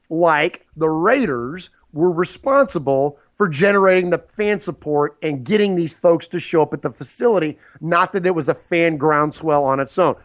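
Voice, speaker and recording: A man co-hosting a sports podcast, ranting casually with lots of restarts. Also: fairly high pitch. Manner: rambling, indignant, many restarts.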